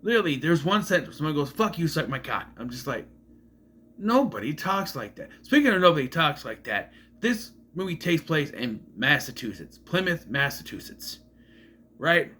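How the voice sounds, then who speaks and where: Bright, lively young man rambling casually. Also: a little high, normal speed, slight background noise. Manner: rambling, chatty, corrects himself often. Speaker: movie reviewer. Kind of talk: casual film review vlog.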